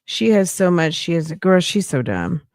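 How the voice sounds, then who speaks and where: A woman's voice: fairly low pitch, big pitch swings, moderate pace, darkish tone, dry recording, studio quality. Blunt, mocking woman streamer. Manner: blunt, mocking, talks back at the clip. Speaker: reaction streamer host. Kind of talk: casual reaction commentary.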